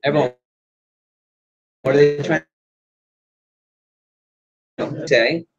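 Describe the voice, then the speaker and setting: A man's voice: a little high, fairly even intonation, slow, highs cut off. A man running an interactive sales training session, quizzing the room and acting out examples. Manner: quizzes audience, acts out examples.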